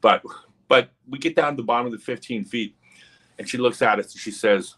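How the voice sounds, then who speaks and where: A man hosting a livestream, telling a long story in an animated, casual way with lots of asides. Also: medium pitch, fairly quick, slightly rough. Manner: animated, many fillers and asides. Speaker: livestream host.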